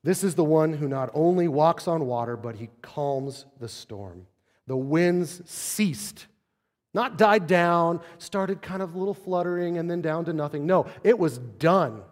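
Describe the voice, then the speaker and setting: Pastor, male, casual preaching tone full of rhetorical questions, raised and hushed by turns, echoing sanctuary. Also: fairly high pitch, animated, measured pace. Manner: conversational preaching, rhetorical questions, swings from loud to soft. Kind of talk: sermon. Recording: long hall reverb.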